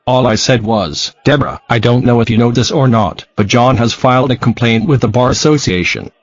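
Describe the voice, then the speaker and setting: A man with a brisk, mid-range voice reads a true-crime podcast transcript aloud in a flat, even delivery, speaker names and spelled-out letters included. The audio is dull with no room sound.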